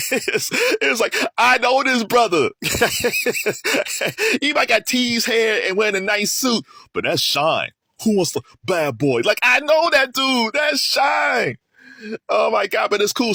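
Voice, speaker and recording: Chatty animated man with dry sound. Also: mid-range voice, dry recording. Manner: animated, laughing often, chatty with many restarts. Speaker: commentator. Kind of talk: casual solo commentary.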